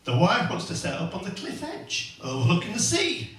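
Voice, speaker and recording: On a comedy club stage, a male stand-up comedian tells crude, rambling family stories packed with tag questions. His voice sits high with huge pitch swings, a moderate pace and a slightly bright tone. The venue is echoey and the mic is far off.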